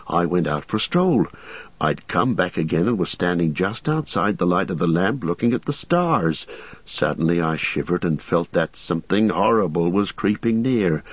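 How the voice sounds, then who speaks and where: A man's voice: low-pitched, no echo. A man voicing a shaken, out-of-breath young male hobbit in an audiobook, telling his tale urgently. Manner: urgent, tumbling storytelling. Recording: slightly muffled recording.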